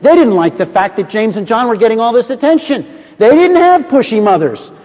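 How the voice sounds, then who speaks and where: A man preaching a sermon from a pulpit. He tells stories dramatically, swinging from hushed lows to booming highs. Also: sing-song, a little fast. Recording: long reverb of a large hall.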